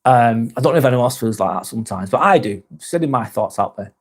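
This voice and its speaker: A man chats on his live stream, rambling through thoughts and reading viewers' comments aloud. He swears freely and slips into dry sarcasm, with a mid-pitched voice. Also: expressive, quick pace. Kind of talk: casual live-stream chat.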